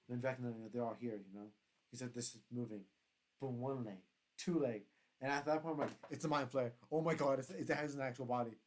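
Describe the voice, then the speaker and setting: A young man chatting casually on his own, rambling and excitable, often correcting himself as he goes. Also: medium pitch. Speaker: YouTuber reviewing a TV show. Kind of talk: casual solo review chat.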